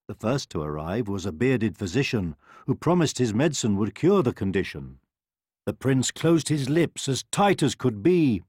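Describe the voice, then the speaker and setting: A man reading a rhyming bedtime story aloud in a sing-song, expressive way. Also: medium pitch, moderate pace, husky, no room sound, studio quality. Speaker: narrator.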